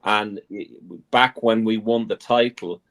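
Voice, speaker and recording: A man's voice: lowish voice, fairly even intonation, measured pace, a bit bright. A man, a guest on a casual fan podcast, earnest and emphatic.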